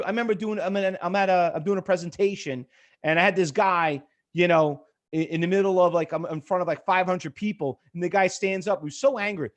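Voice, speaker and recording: Pushy high-voiced trading coach man. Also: a little fast. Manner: rambling, chatty, full of fillers; blunt, pushy with the audience. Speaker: trading educator. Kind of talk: live trading webinar.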